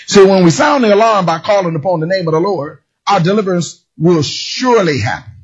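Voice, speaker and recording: A man preaching a sermon with a raspy voice, often shouting and sliding into a singsong lilt. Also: high-pitched, fairly quick. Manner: animated, shouting, singsong emphasis. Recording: dull lo-fi recording.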